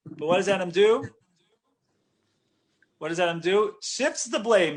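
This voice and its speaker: A man with a high, bright-toned voice teaches a Torah lesson like a rabbi talking to a room of friends. He is conversational and animated, stopping often to ask "right?" and restarting his sentences as his thoughts race ahead. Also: measured pace, pauses often. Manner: conversational, with frequent "right?" check-ins and restarts.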